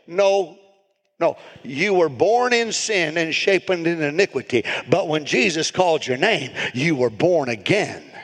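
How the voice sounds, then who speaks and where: A man preaching a sermon as pastor, building to shouted, repeated emphasis. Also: a little high, big pitch swings, unhurried, slightly rough. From United States. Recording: reverberant hall.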